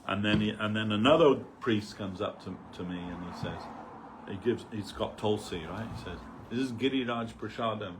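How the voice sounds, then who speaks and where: A man's voice: fairly low pitch, moderate pace, background noise. A man giving an informal spiritual talk at a temple gathering, rambling conversationally and peppering his stories with "you know".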